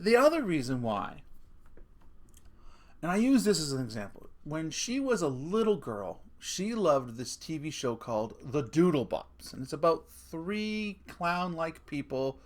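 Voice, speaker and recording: A middle-aged man telling family stories in a casual rant, swearing freely and laughing at his own punchlines. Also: on the high side. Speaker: vlogger.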